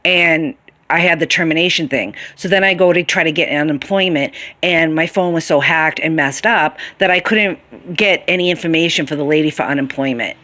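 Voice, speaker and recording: A woman's voice: deep voice, brisk, bright, forceful tone. Rambling woman venting about a job. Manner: rambling, aggrieved, many fillers and restarts. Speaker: vlogger. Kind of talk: casual storytelling monologue.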